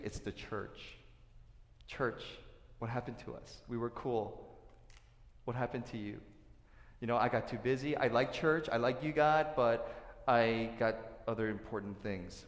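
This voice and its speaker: Animated preacher in an echoey hall. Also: male voice, medium pitch, moderate pace. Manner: animated, acts out quoted voices, swings from loud to hushed. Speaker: pastor. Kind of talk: sermon.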